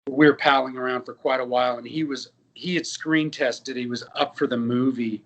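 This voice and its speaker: A man in his fifties, an actor and musician, telling lively anecdotes with quoted dialogue in a casual interview. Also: mid-range voice, normal speed, highs cut off.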